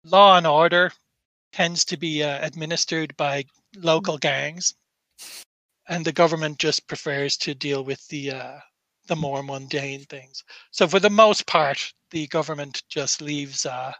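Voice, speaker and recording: Brief: male game master, rambling narration, bright tone, dry sound. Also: on the high side, a little slow, no room sound. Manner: rambling, with many fillers and restarts.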